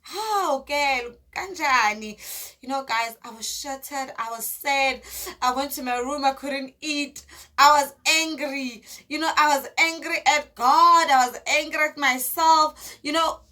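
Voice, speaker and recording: A young woman tells a personal story in a lively, dramatic way and acts out each scene. Her voice is high and bright. She talks straight to her viewers in a casual tone. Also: unhurried. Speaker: vlogger.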